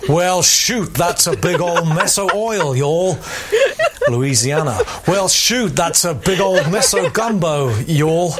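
A man's voice: a little high, expressive, slow, heavy background noise, pitched above the performer's own voice. A man playing a fake male dialect coach who hops through exaggerated American accents, laughing through his lines. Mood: mock-confident. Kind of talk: comic recorded sketch.

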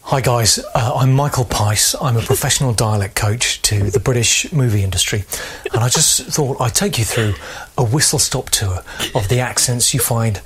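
A man's voice: medium pitch, normal speed, hardly any pauses, breathy edge. A man playing a fake male dialect coach who hops through exaggerated American accents, laughing through his lines. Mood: mock-confident. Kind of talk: comic recorded sketch.

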